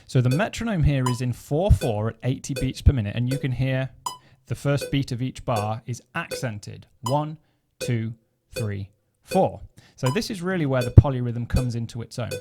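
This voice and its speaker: A man's voice: mid-range voice, lively intonation, a little fast, background noise. A man teaching snare drum technique, explaining step by step and counting beats aloud as he plays. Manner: methodical, counts beats aloud while playing. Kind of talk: instructional explanation.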